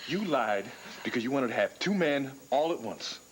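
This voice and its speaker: An actor playing a bitter, betrayed husband. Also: male voice, mid-range voice, animated, normal speed, a little hiss or hum, lightly acted, low-quality recording. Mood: bitter anger. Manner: accusing, harsh, repeats her name. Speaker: soap opera character, husband. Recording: broadcast TV audio with music underneath.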